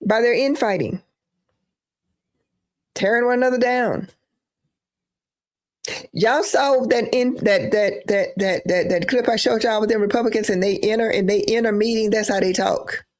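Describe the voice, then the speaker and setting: A woman's voice: fairly high pitch, normal speed, pauses often. A woman giving emphatic live-stream political commentary, repeating phrases for emphasis.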